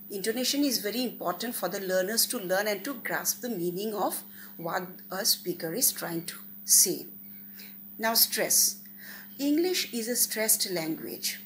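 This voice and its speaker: Woman, guest lecturer, slow and deliberate, faint background hiss. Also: mid-range voice, fairly bright tone. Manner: measured, deliberate, stresses key words.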